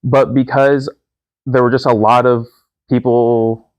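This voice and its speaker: A man's voice: mid-range voice, flat delivery, takes it slowly, no echo. A man in his twenties, a guest talking candidly and thoughtfully with many hesitations. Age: 20s. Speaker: podcast guest, son. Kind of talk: casual conversation.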